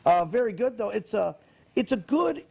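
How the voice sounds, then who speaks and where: A man hosting a casual interview show, chatting in an animated way. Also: high voice, normal speed, creaky, husky. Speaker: host.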